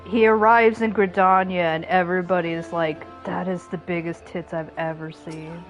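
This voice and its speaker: A woman's voice: fairly low pitch, little pitch movement, moderate pace, faint music behind. A woman streamer giving casual, profane gameplay commentary and acting out the characters' reactions as jokes.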